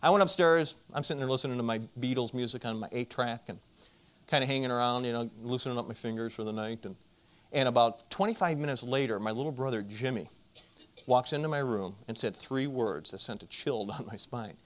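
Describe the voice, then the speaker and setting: A middle-aged man telling a personal story to an audience, animated and acting out the voices of the people in it. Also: mid-range voice, brisk, a little hiss or hum. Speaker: marriage conference speaker.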